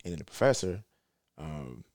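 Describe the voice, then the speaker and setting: A man telling a personal story in relaxed, colloquial speech, livening up as he recounts what happened. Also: very deep voice, moderate pace, dry recording, studio quality. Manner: laid-back, colloquial, animated when retelling. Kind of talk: casual storytelling chat.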